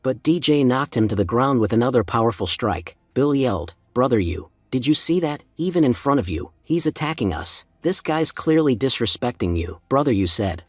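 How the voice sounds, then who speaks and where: A man narrating a story recap in a steady scripted read, voicing all the parts in much the same even voice. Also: medium pitch, normal speed, hardly any pauses, no echo.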